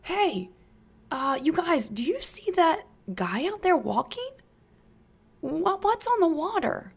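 A woman voicing a startled young male fisherman in a children's Bible story, stammering with excitement. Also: very high voice, slow, gravelly, pitched above the performer's own voice, exaggerated voice. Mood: alarmed.

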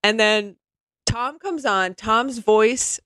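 Woman co-host, sardonic and exasperated, smooth and dry up close, mid pitch. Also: slow pace, a bit bright, no echo. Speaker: podcast co-host. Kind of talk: casual comedic chat.

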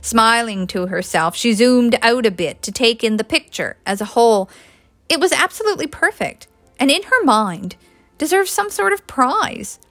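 A woman, a published author, reading an audiobook aloud in a lively, expressive way. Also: fairly high pitch, moderate pace, no room sound, faint music behind. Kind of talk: audiobook narration.

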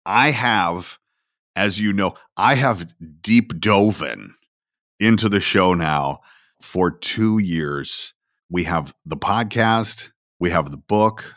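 A man's voice: low-pitched, fairly bright tone, no echo, studio quality. A middle-aged man hosting a podcast, chatty and self-deprecating as he tells stories. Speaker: podcast host. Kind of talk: conversational podcast talk.

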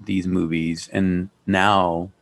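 A man's voice: deep voice, flat delivery, slow, creaky. A man with a Chicano accent, co-hosting a podcast in casual chat, rambling and laughing as he reminisces. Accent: Chicano English. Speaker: podcast co-host.

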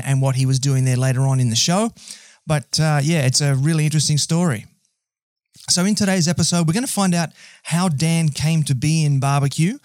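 A man's voice: fairly high pitch, darkish tone, no echo, studio quality. Upbeat Australian man hosting a podcast. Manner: upbeat, chatty, friendly banter. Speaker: podcast host. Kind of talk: casual podcast chat.

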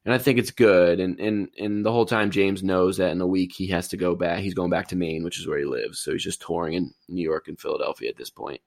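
A man with a low, gravelly voice rambles easygoing through a movie recap. His delivery is relaxed and conversational, and the sound is close and dry with no room around it. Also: fast, few pauses, no room sound. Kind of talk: casual chat, retelling a movie plot.

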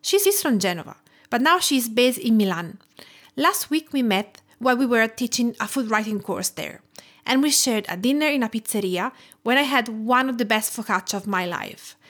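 A woman from Tuscany with an Italian accent, hosting a food podcast and reading her intro in a measured way. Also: on the high side, lively intonation, fairly bright tone. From Tuscany, Italy. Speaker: podcast host. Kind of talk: scripted podcast intro and interview.

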